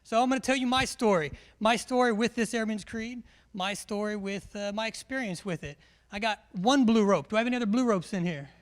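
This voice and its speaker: A man's voice: high-pitched, a little fast. A man, a military instructor giving a live classroom briefing in a large hall, joking and quizzing his audience.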